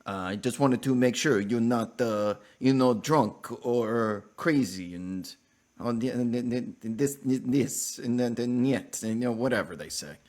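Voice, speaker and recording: A man's voice: mid-range voice, unhurried, darkish tone, pitched above the performer's own voice, lightly acted. A man voicing an irate middle-aged female neighbor in pajamas, putting on a heavy Russian accent and repeating himself. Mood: flustered placating. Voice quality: heavy put-on foreign accent, repetitive.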